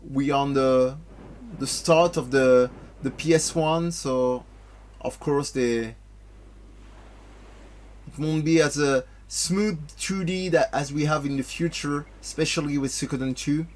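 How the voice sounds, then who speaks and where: Halting man commentating a game. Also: a little high, a little mellow. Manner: halting, with many fillers and restarts. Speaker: let's play host. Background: game music.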